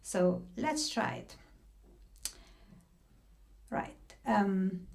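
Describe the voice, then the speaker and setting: A woman's voice: mid-range voice, expressive, very slow, a little mellow. A woman leading an online singing workshop over a video call, explaining patiently with frequent fillers and restarts.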